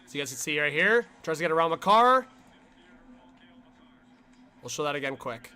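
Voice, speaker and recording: A man hosting a livestream and calling the game play by play as a fan. He talks in a casual, slangy way to his chat and breaks into excited shouts on big plays. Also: fairly high pitch, moderate pace, smooth. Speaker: livestream host.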